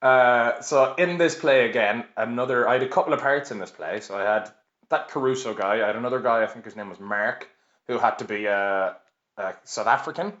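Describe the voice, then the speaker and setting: A man's voice: medium pitch, a little fast, fairly bright tone. A young Irish man in his late twenties, a podcast guest, telling stories in a chatty, self-mocking way and laughing often. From Ireland. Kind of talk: casual storytelling. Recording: roomy, slightly dull recording.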